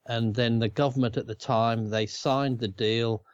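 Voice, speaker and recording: A man's voice: mid-range voice, steady tone, moderate pace, few pauses, clear, resonant tone, dry recording, lo-fi sound. A man with an Australian accent co-hosting a casual chat, rambling and chuckling often. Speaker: co-host.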